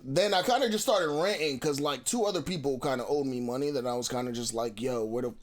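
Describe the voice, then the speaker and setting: A young man co-hosting a podcast, teasing and quick with comebacks. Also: medium pitch. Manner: animated, teasing, quick retorts. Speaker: podcast co-host. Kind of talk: casual podcast banter. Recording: clear background noise.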